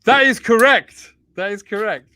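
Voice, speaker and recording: A man's voice: high voice, normal speed, pushed and bright. A man hosting a casual comedy chat, playfully running a quiz and reading out viewer guesses. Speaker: host running a lookalike quiz.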